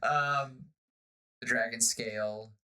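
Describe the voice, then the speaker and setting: Guy riffing a story pitch on a podcast, bright voice, jumps into character lines. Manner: animated, acts out pirate lines in quick bursts. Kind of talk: casual brainstorming chat. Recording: slightly off-sounding podcast audio.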